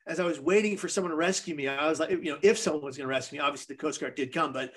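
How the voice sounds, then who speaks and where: A man with a somewhat raised pitch tells a personal story as a podcast guest. He speaks in an earnest, vivid way, building the scene as he goes. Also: rapid-fire, fairly bright tone.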